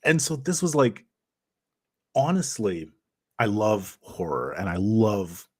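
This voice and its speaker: A man's voice: fairly low pitch, big pitch swings, slow, darkish tone, breathy edge, no echo, clean studio sound. A man speaking as a guest game master over a video call, upbeat and joking. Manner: upbeat and joking, laughs easily. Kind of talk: casual interview chat.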